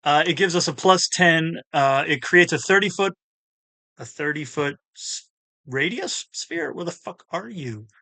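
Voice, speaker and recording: A man's voice: on the high side, animated, unhurried, bright, forceful tone, no echo. A man playing a tabletop game, rambling and correcting himself, swearing casually as he looks up rules. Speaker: player.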